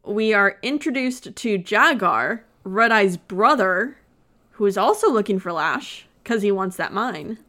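A woman's voice: medium pitch, animated, unhurried, sharp tone. A woman co-hosting a podcast, retelling a movie plot in casual chat with sarcasm and frequent laughter. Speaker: podcast co-host.

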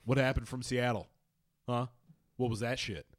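A man co-hosting a casual sports podcast, swearing freely and telling stories with lively quoted voices. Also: mid-range voice, moderate pace. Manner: profane, animated storytelling. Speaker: podcast co-host.

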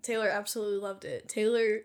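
A woman's voice: mid-range voice, little pitch movement, quick pace. A woman co-hosting a podcast in casual chat, giggling often, swearing freely and saying "like" a lot. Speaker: podcast co-host.

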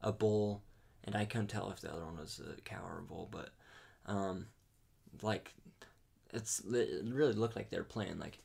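A man telling a hunting story in a casual chat, animated and laughing, full of "dude" and "like". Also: on the low side, moderate pace, gravelly, long pauses, husky. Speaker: podcast host.

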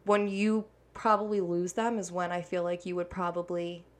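A young adult woman, a hair stylist, speaking openly and from the heart in a conversation, her words coming in quick rushes. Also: lowish voice, level tone. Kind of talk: candid conversation.

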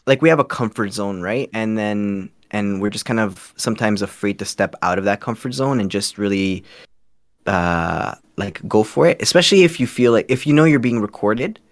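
Low, dry-voiced man chatting casually. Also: animated, moderate pace, no room sound. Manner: laid-back, rambling, self-deprecating. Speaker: guest. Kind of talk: casual podcast chat.

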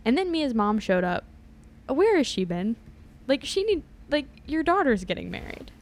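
A woman's voice: sits high, big pitch swings, moderate pace. A woman casually recapping a movie in a chatty, wry way, laughing often as she talks. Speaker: podcast co-host.

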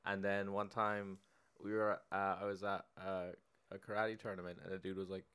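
A young man co-hosting a casual podcast, telling slow, rambling stories full of fillers. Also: sits low, little pitch movement, a bit bright, clear, resonant tone. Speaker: podcast co-host. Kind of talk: casual banter.

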